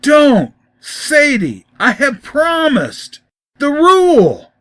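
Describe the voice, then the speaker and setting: A man's voice: a little high, animated, slow, no echo. A man voicing a young man caught between temptation and a promise, pleading and crying out in a storybook reading. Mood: desperate. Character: young man, torn and desperate.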